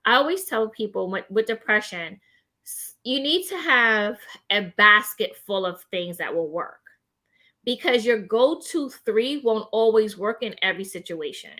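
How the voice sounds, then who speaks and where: A woman's voice: mid-range voice, measured pace. A woman host in a casual chat about mental health who gives practical advice, laughing often and tagging her points with "right?". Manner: animated, laughs often, many "right?" tags. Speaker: gives advice to people with depression.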